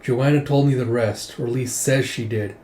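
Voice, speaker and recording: A man's voice: medium pitch, steady tone, moderate pace, mellow, close to an everyday voice. A man voicing a guarded young woman fighter who talks in blunt, terse lines. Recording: roomy echo.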